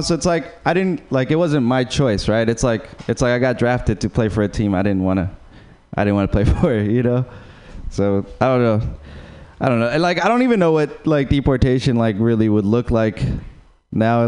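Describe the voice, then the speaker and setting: A young man from Uruguay doing a stand-up set at an open mic, rambling and halting, full of fillers and self-mocking laughs. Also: medium pitch, a little mellow, smooth. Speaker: stand-up comedian.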